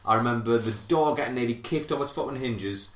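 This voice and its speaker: Thirty-something male podcast host, sweary storyteller, mid-pitched, echoey room. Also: a little fast, a bit bright. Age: 30s. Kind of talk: casual chat, storytelling.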